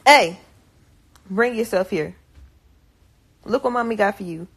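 A woman's voice: mid-range voice, a little slow, a little hiss or hum. A young woman, a mother filming her baby, chatting casually and slangily to her viewers. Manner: laid-back, slangy, talks to viewers and baby. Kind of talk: casual vlog chat.

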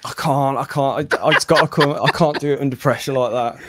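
A man's voice: mid-range voice, steady tone, brisk, fairly bright tone. A man co-hosting a podcast in casual chat, sounding flustered and hesitant. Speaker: podcast co-host.

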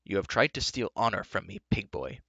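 A man's voice: lowish voice, lively intonation, brisk, vocal fry, pushed and bright, no echo, dull audio, full character voice. A man reading aloud and voicing a proud, scornful young prince who talks in a haughty, cutting way.

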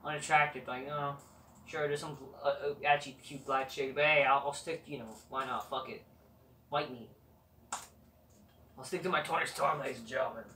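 A man rants his way through a wrestling review, swearing at every turn and waving things off with a shrug. His tone is bright and sharp. He sounds distant from the camera mic in an echoey room. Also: medium pitch, fairly even intonation, normal speed, pauses often. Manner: rambling, constant swearing, dismissive. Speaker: wrestling show reviewer, channel host. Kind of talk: profane rambling review rant. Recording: roomy, distant mic, faint noise.

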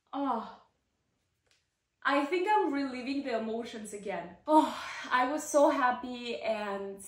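A woman vlogs in a casual, chatty storytelling style, her voice sitting a little on the high side. She sounds excited and sprinkles "like" throughout. The room gives the recording a noticeable echo.

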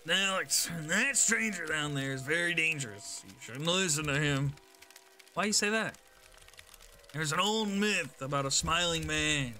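A man's voice: a little high, expressive, unhurried, pushed and bright, soft background music, exaggerated voice. A man voicing a game companion who warns about a legend, in an earnest, close-to-natural voice. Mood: warning.

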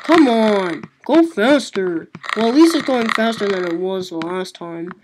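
A woman gaming YouTuber giving casual gameplay commentary, excitable, swinging from low mumbling to loud outbursts. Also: a little slow. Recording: loud background noise.

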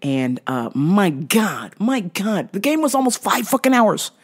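A woman's voice: mid-range voice, unhurried, husky. A woman hosting her own show, ranting casually and comically with lots of swearing and frequent laughter. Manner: profane, animated, laughs often. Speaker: host. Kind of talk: casual comedic rant.

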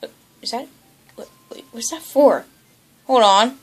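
A woman giving excited video game commentary, yelping, groaning and bickering as she plays. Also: fairly high pitch, measured pace, breathy edge. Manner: excitable, yelps and groans, bickers with toy characters. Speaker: gaming channel host.

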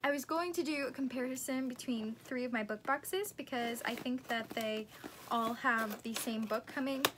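A woman's voice: a little high, moderate pace, noisy background. A young woman chatting casually as she unboxes book merchandise, gushing and easily awed.

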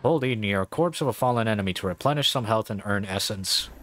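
A man's voice: fairly low pitch, quick pace. A man casually commentating while playing a video game, laid-back and joking, reading tips aloud. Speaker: gaming video host. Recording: voice over loud game music.

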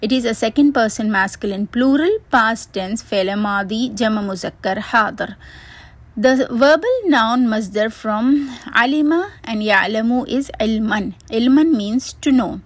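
A woman's voice: on the high side, normal speed, no echo. A woman teacher reading a word-by-word grammar lesson, methodically spelling out root letters and terms.

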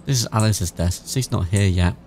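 A man's voice: lowish voice, moderate pace, a little mellow, slight background noise. A man with a British accent giving casual, chatty let's-play commentary, swearing freely and reading game text aloud. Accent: British English. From England. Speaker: gaming YouTuber.

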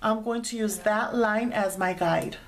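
A woman's voice: medium pitch, unhurried. A woman hosting a craft tutorial, chatting casually as she explains each sewing step with frequent fillers.

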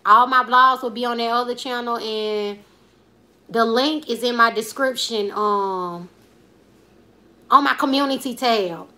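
A woman's voice: on the high side, unhurried, sharp tone. A woman in her twenties, a comedian chatting casually on a live stream, rambling in slangy talk and reading viewer comments aloud. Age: 20s. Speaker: comedian and YouTuber.

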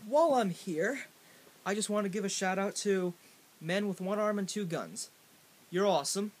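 High-voiced man telling a rambling story. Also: normal speed. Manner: rambling, with many fillers and restarts. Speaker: vlogger. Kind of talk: comedic storytelling to camera. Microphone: in front of a camera.

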